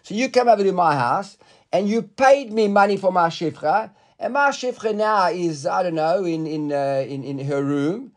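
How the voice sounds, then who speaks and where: A man's voice: high voice, expressive, normal speed. A man teaching a Talmud class in a conversational way, often repeating words and asking the students questions.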